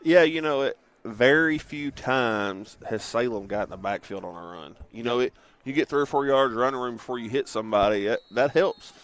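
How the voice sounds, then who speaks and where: A man adds color commentary to a high school football broadcast. His voice sits at an ordinary middle pitch, and he breaks down plays in a plain-spoken, easygoing way full of "you know". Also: moderate pace, a bit bright.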